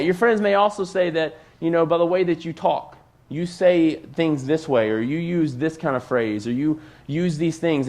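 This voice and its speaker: This is a male youth pastor giving a laid-back sermon from the front of a church. His voice sits a touch higher than most men's, and he keeps it loose and conversational, full of "like" and quick asides. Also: darkish tone. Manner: conversational, peppered with "like". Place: church stage.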